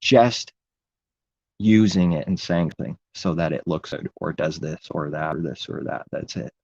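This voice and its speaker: Low husky preachy man. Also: measured pace, a little mellow, no room sound, muffled recording. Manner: preachy, rambling, repeats phrases. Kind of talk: impassioned religious monologue.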